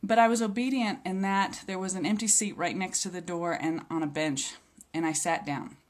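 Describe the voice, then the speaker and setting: Woman, lower-pitched, earnest testimony speaker, reflective and sincere. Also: fairly even intonation, moderate pace. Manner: earnest and reflective, with occasional hesitations. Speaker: speaker sharing a healing testimony. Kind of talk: personal faith testimony.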